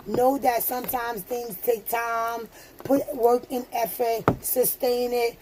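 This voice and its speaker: Slow-talking woman doing a tarot reading. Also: on the high side, fairly even intonation, noisy background. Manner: soothing, affirming, laughs often. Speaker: tarot reader. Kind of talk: casual spiritual card reading.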